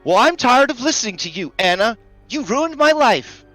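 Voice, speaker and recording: A shrill, resentful young girl's voice, pushed far above its natural pitch, as a man puts her on. It is sharp and bright, with soft music underneath. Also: big pitch swings, moderate pace, no echo, exaggerated voice. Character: frightened little girl ghost, possessed, shrill.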